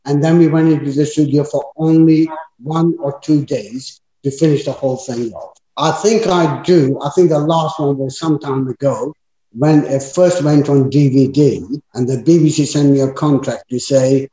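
A man's voice: medium pitch, fairly even intonation, moderate pace, dark tone. Older man reminiscing in an echoey room. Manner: chatty, anecdotal storytelling with frequent fillers. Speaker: actor. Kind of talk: reminiscing interview. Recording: echoey, dull-sounding room.

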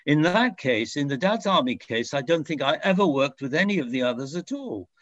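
An older man recalls his acting days in an interview. He rambles and corrects himself, with a soft chuckle here and there. The recording is dry and a bit muffled. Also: fairly high pitch, expressive, fairly quick, no echo. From France. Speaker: actor. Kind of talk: reminiscing interview answer.

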